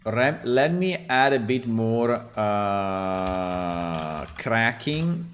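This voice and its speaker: A man's voice: on the low side, expressive, drawn-out words, a little hiss or hum. A man with an Italian accent, hosting a developer stream and bluntly critiquing test voices. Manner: blunt, critiques and swears freely. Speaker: game developer host. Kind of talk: casual livestream commentary.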